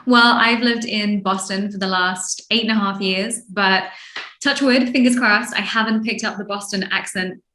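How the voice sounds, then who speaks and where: Animated London woman in a roomy echo. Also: medium pitch, moderate pace. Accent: English, London. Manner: animated, acts out quoted reactions. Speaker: sleep expert guest. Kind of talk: lively interview chat.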